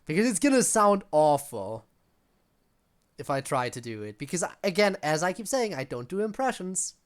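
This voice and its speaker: A woman streamer chatting casually while playing a game, self-deprecating and quick to laugh. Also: fairly low pitch, sing-song. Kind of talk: casual gaming stream chat. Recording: faint game music behind.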